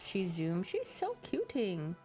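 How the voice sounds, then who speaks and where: A woman's voice: mid-range voice, huge pitch swings, takes it slowly, warm tone, soft background music. A woman streamer chatting casually and giggling, acting out her pet's reactions as she talks. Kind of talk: casual chat.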